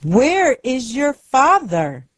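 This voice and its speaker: A woman plays a young male bird in a storybook, lost and frightened but kind. His lines are a touch higher and lively in pitch, spoken very slowly in a dry, close sound. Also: no room sound, exaggerated voice. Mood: polite, confused. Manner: simple, slow, clearly spoken lines.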